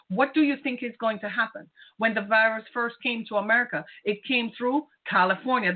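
A woman podcast host giving an impassioned, preaching monologue, firing rhetorical questions at the listener. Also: fairly high pitch. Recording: tinny phone-like sound.

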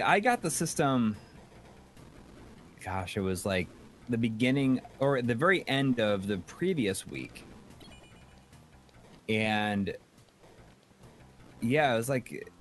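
A man's voice: medium pitch, very animated, slow pace, pauses often, faint music behind. A man co-hosting a casual chat show, reading out donations, rambling with many fillers and restarts. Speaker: podcast co-host reading donations.

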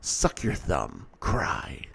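A man voicing a menacing young male who gives dark commands in a low, hissing, near-whispered voice. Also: huge pitch swings, drawn-out words, vocal fry, breathy edge, full character voice.

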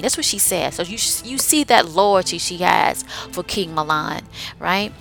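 A woman's voice: medium pitch, measured pace, vocal fry, a bit bright, soft background music. A woman hosting a podcast, recapping her own short stories in a chatty, enthusiastic way with frequent asides to the listener. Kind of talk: casual recap.

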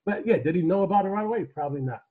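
A man with a high, husky voice that swings up and down as he teases and curses. He riffs loudly on a casual podcast, laughing at his own jokes. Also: expressive, very fast, phone-quality sound. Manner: loud, profane, mocking, laughing. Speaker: podcast co-host.

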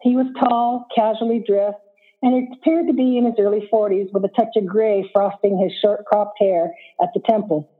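A woman author reading her own short story aloud as steady narration. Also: medium pitch, moderate pace, breathy edge. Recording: phone-like audio line.

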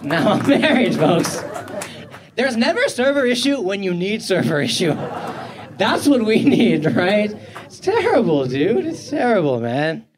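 A man from India doing a stand-up comedy set, animated and acting out the people in his stories. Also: high-pitched, some chatter behind. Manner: animated, acts out callers in quick voices. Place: comedy club with live audience. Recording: live club audience laughing.

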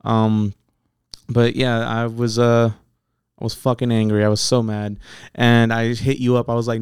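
Profane, animated man telling stories. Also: mid-range voice, normal speed, smooth, no room sound, studio quality. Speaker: battle rapper guest. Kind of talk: casual podcast interview.

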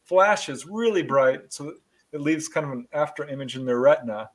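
A man's voice: on the high side, moderate pace, rough recording. A man hosting an online talk show, retelling a story with enthusiasm. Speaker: host. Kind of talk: casual interview chat.

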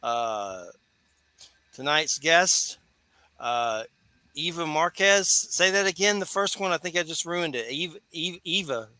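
A man, a bright, forceful voice pitched a little high for a man. He hosts radio in a loose, rambling way, laughing easily between asides. The sound is close and dry, with no room around it. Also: slow pace, clear, resonant tone, no echo. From Georgia, US. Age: 40s. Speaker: radio show host. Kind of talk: casual radio talk.

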